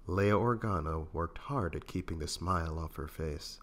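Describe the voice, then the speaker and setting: A man reading narration for a fan audiobook in a measured, steady storytelling manner. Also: low voice.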